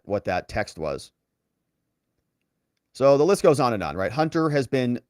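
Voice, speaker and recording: A man's voice: medium pitch, a little mellow, dry recording, studio quality. A man hosting online political commentary, walking through documents with sarcastic, incredulous asides. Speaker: legal commentary host.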